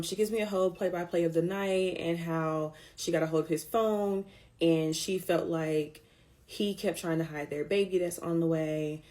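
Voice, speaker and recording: Woman, fairly low voice, casual storytime, blunt, swears, voice climbs for emphasis. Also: mellow. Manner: candid, swearing, rising when emphatic. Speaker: storyteller recounting a breakup.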